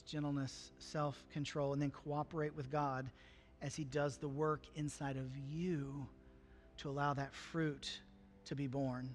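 A man preaches a sermon in an earnest, conversational way. His voice sits a little high, and it climbs when he drives a point home. Soft music plays faintly under his words. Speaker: pastor.

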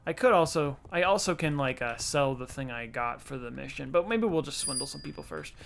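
A gaming YouTuber with a medium-pitched, creaky voice talks briskly and expressively against background noise. He keeps up chatty, self-mocking let's-play commentary and speaks to the characters on screen.

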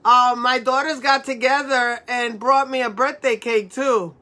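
A woman's voice: on the high side, fairly even intonation, measured pace, bright, forceful tone. Tearful, laughing woman selling jewelry live. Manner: tearful and laughing through words; affectionate, calls viewers mamacita. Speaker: live-stream jewelry seller. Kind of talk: emotional live-stream sales chat.

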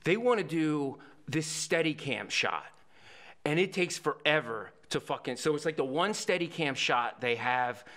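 A man, a guest on a podcast, telling a story in a lively way, swearing freely and acting out the people in it. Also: fairly high pitch, measured pace. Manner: profane, acts out the people in his stories. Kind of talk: animated storytelling.

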